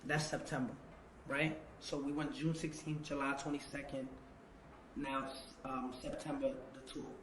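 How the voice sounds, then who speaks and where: A man telling a long story as an interview guest, animated and repeating words as he acts out what people said. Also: medium pitch, unhurried. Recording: echoey room with faint noise.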